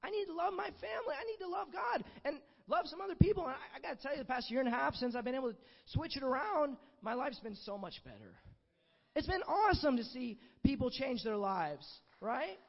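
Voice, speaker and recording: High-voiced young man preaching in a hall. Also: big pitch swings, brisk, creaky. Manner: earnest, conversational, many "you know" asides. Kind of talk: sermon with personal testimony. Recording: dull, muffled sound with long hall reverb.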